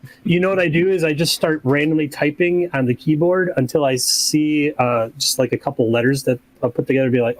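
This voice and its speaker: A man who runs tabletop games, talking casually on a podcast in a relaxed, rambling way and acting out examples. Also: on the high side, brisk, dry recording, rough recording. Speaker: game master.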